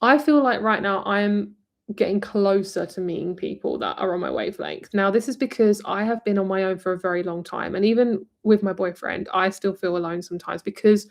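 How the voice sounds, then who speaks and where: A woman's voice: mid-range voice, brisk. A woman from near London with a southern English accent, giving a rambling, chatty live-stream tarot reading and calling the viewer "my lovely". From England, near London. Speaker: tarot reader.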